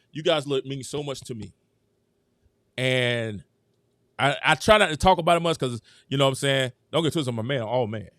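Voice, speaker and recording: Animated man hosting a sports live stream. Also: medium pitch, dry recording, studio quality. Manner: animated, emphatic, thanks viewers, talks straight to chat. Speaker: host.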